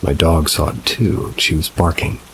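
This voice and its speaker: A man calmly narrating reader-submitted paranormal stories, adding brief asides of his own. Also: very deep voice, moderate pace, slight background noise, poor audio. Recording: rain sounds mixed behind the voice. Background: steady rain ambience.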